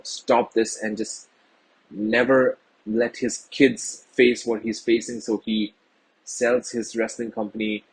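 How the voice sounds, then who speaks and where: Very husky-voiced man reviewing a film. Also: mid-range voice, rough recording. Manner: loose and rambling with many fillers, earnest. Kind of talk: casual movie review.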